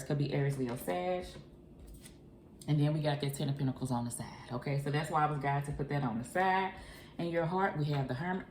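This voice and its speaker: A woman reading tarot in a loose, chatty way. She keeps calling the listener boo and honey. Her voice sits a bit low, and the room around her echoes over a faint hiss. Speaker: tarot reader.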